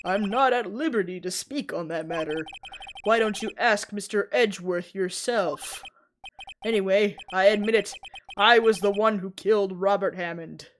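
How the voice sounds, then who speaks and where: A woman voicing a bitter older man, a former court bailiff, who gives a grim, flat confession in a game read-along. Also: medium pitch, normal speed, slight background noise, lightly acted.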